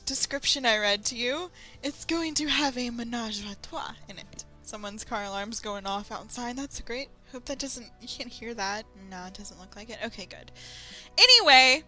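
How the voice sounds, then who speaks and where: A woman's voice: on the high side, expressive, moderate pace, pushed and bright, soft background music. A young woman hosting a fan fiction reading, mixing the story with laughing, swearing, sarcastic asides. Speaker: fan fiction reader and host. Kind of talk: dramatic reading with comic asides.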